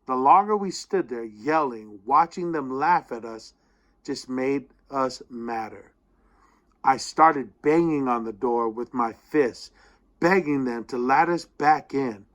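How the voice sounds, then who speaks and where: Man, reading an essay aloud, expressive storyteller, medium-pitched voice, slows for drama. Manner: expressive storytelling, slowing down at tense moments. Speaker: reader of a student's essay.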